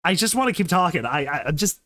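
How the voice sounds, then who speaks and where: A young man doing excited, rambling commentary on a live stream, laughing often and calling his viewers dude and bro. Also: on the high side, quick pace, no room sound. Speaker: streamer reading a story with commentary.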